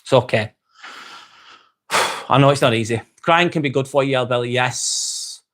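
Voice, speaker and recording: A man's voice: medium pitch, moderate pace, a bit bright. Chatty English man hosting a livestream. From England. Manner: chatty, repeats phrases, many fillers. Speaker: livestream host. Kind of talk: casual livestream chat reading comments.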